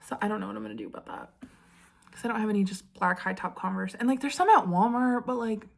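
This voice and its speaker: A woman's voice: mid-range voice, fast, creaky. A young woman vlogging in a chatty, dramatic way, leaning on "like" as she tells a story. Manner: chatty and dramatic, heavy use of 'like'. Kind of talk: casual storytelling vlog.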